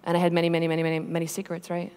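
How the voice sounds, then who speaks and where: A Catholic religious sister giving a personal testimony talk to a live conference audience, speaking in an earnest, conversational way that grows emphatic on heartfelt points. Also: female voice, on the low side, completely flat delivery, rapid-fire, a little mellow, clear, resonant tone. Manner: earnest, conversational storytelling with frequent "right?" and "you know". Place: large conference hall. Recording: echoey hall sound.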